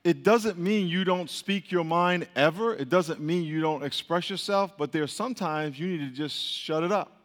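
A man preaching a sermon, leading the congregation in call-and-response with quick, repeated prompts. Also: on the high side. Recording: long reverb of a hall.

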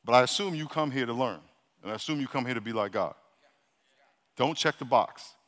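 A male pastor preaching a sermon to his congregation, talking directly and repeating himself as he urges them to pray loud. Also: medium pitch, a little fast. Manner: exhorting, repeats himself, Southern-leaning casual speech; calls the congregation to loud prayer. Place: large church hall. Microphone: handheld or stage microphone. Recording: long hall reverb.

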